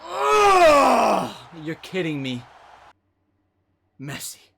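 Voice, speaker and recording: A man streaming pack openings, pleading and swearing with bursts of shouting. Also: on the high side, big pitch swings, slow, heavy background noise.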